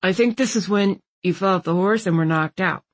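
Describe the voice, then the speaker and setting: A woman putting on a laid-back young man in an audiobook. His voice is dropped lower than the narration and kept unhurried and a little muffled. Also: close to an everyday voice. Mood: easygoing. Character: young man, easygoing boyfriend.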